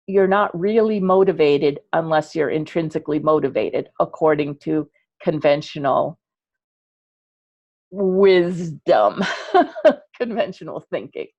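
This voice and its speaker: A woman coaching parents in an online class, chatty and animated, acting out little dialogues as she explains. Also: sits low, measured pace, gravelly, long pauses, no echo, highs cut off. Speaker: ADHD coach teaching parents.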